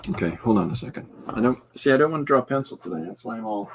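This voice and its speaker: A man hosting a podcast, chatting casually while he draws, rambling and breaking off into quick asides. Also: medium pitch, animated, a little hiss or hum. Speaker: podcast host. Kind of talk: casual chat while drawing.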